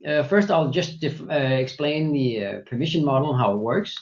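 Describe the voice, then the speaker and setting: A man presenting a software product in a screen-share demo, walking through steps methodically with frequent hesitations. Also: mid-range voice, animated, normal speed, dull audio. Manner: many fillers and restarts, methodical walkthrough.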